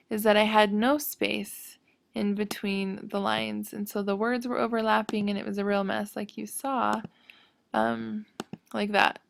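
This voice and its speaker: A woman's voice: mid-range voice, gravelly. A woman teaching a screen-recorded web design tutorial, hesitant and full of ums as she thinks aloud while clicking.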